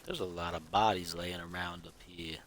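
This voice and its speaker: A man's voice: sits low, fairly even intonation, normal speed, a bit bright, a little hiss or hum. A man streaming a game, chatting casually in a goofy, rambling way and chuckling at his own jokes. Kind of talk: casual live gameplay chat.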